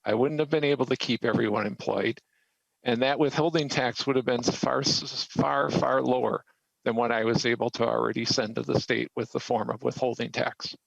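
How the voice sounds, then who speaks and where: A man's voice: mid-range voice, steady tone, normal speed, vocal fry, dry recording, highs cut off. A man who owns a small business, giving earnest, emphatic testimony to a legislative committee. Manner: earnest and emphatic, pressing his point. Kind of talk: formal testimony, pleading a case.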